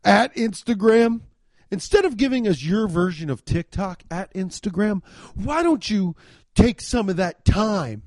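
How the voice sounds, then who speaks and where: A man's voice: high-pitched, expressive, a little slow, darkish tone, no echo, clean studio sound, pitched above the performer's own voice. A man putting on a fake folksy country drawl. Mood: preachy. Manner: preachy, drawling, pretending to be country. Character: man's old schoolmate faking a folksy rural drawl.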